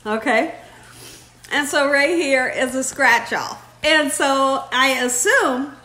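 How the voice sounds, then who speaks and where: Effusive, slow-talking woman vlogger. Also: high-pitched, sharp tone. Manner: effusive, chatty, addresses viewers directly. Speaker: vlog host. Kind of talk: casual vlog chat.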